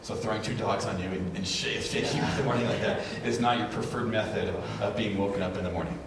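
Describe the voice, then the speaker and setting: Pastor telling stories in an echoey hall. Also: male voice, lowish voice, quick pace. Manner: animated storytelling, acts out quotes. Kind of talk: sermon with live demonstration. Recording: echoey hall, distant mic, noisy.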